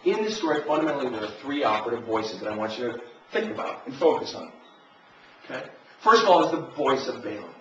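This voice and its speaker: A man's voice: fairly high pitch, fairly bright tone, slight background noise. Distant preacher man in an echoey church. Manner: storytelling, voicing quoted characters. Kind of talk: sermon. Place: church sanctuary. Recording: distant roomy church recording, dull lo-fi.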